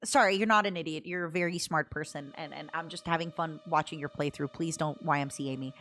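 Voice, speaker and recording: A woman's voice: low-pitched, fast, fairly bright tone. A young woman streaming a game, chatting and giggling in a playful, casual way. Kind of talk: casual gameplay commentary.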